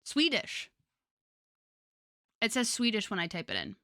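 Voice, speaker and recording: A woman's voice: mid-range voice, huge pitch swings, fast talker, bright, forceful tone, dry recording, clean studio sound. A young woman streamer chatting casually with her viewers, rambling with lots of fillers and frequent laughter.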